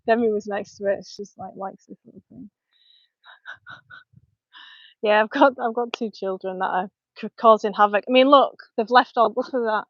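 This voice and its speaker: A woman's voice: medium pitch, moderate pace, a bit bright, no room sound, lo-fi sound. A woman in her thirties with a Lancashire accent, a fitness coach chatting frankly and laughing often as she works out at home on a live stream. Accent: Lancashire English. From North West England. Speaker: fitness coach and personal trainer. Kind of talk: live-stream chat while working out. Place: home, indoors. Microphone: small clip-on mic.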